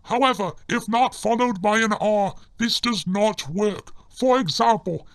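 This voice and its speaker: A man giving scripted comedic narration in a formal, deadpan manner. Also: high voice, measured pace, no echo.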